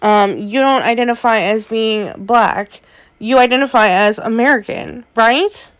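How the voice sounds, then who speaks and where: A woman's voice: a little high, a little slow, smooth. A woman vlogger giving opinionated commentary, sassy and exasperated, speaking straight at the person she criticizes. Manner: sassy, exasperated, addresses her subject directly.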